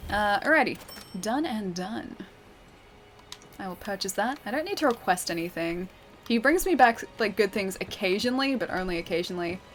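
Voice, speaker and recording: A woman's voice: medium pitch, animated, moderate pace, fairly bright tone, slight background noise. A young Australian woman chatting casually with her livestream chat while playing a game, laughing often and reading messages aloud. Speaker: streamer.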